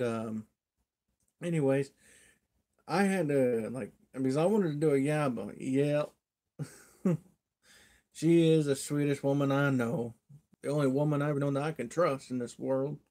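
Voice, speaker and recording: Folksy rambling man, mellow voice. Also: mid-range voice, steady tone, a little slow, long pauses. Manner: rambling, folksy, chuckles often. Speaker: livestream host. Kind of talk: casual rambling storytelling.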